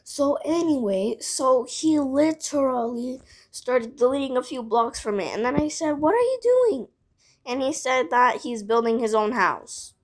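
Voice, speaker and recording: A woman's voice: high voice, a little slow, few pauses. A female voice telling a casual storytime vlog, rambling with lots of "like" and side remarks. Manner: rambling, filled with "like", frequent asides.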